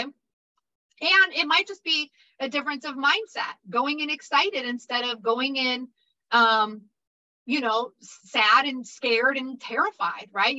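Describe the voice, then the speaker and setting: A woman's voice: high voice, pushed and bright, lo-fi sound. A woman teaching exam prep in a casual, motivational way, repeating points and checking in with "okay?". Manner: upbeat, repetitive, checks in with 'okay?'. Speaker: insurance exam prep instructor.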